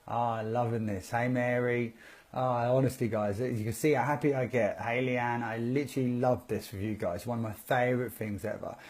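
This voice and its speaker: A man's voice: medium pitch, steady tone, normal speed, a little mellow. A man hosting a casual live video stream on network marketing, upbeat and chatty, greeting viewers one by one by name. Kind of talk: casual Facebook Live talk.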